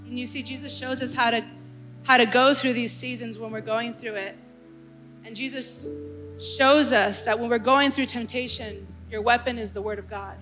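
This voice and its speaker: A woman's voice: fairly high pitch, fairly even intonation, moderate pace, a bit bright, soft background music. A young adult woman pastor preaching a sermon, passionate and rising to fervent exclaiming.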